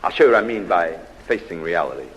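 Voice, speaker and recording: American guy doing a funny psych lecture on stage, really animated, lots of pauses, big hall echo, bit of hiss. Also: low-pitched, highs cut off. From United States. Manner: storytelling, dramatic pauses, punchy delivery. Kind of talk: humorous live lecture with anecdotes. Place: large theatre stage, live audience. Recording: old live theatre recording with hall reverb.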